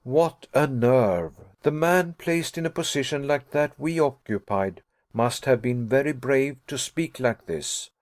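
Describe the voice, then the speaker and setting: A man narrating an audiobook in a measured, formal reading manner. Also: medium pitch, no echo, studio quality.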